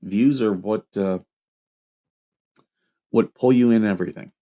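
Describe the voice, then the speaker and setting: A Midwestern-accented man from Toledo, Ohio hosts a casual livestream, rambling and chatty as he reacts to viewer comments. His voice sits on the low side and is mellow, with a measured pace, though the recording sounds muffled.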